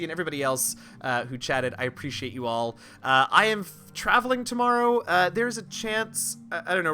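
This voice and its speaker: Joking guy streaming a game, bright kinda high voice, faint music behind. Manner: joking, self-deprecating, animated. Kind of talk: casual let's-play chat.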